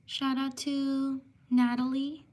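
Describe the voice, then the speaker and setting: A woman with a high, fairly level voice hosts a live stream, giving unhurried shout-outs to viewers one by one. She pauses over names she is unsure how to say. A faint hum of noise sits behind her. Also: completely flat delivery.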